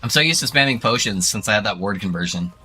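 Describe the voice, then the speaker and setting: A man's voice: fairly low pitch, quick pace, slightly rough, faint music behind. A young man streaming a game, chatting casually and loosely with his viewers, with a soothing narrator-like voice and a frequent easy laugh. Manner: relaxed, rambling, laughs often. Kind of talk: casual gaming stream chat.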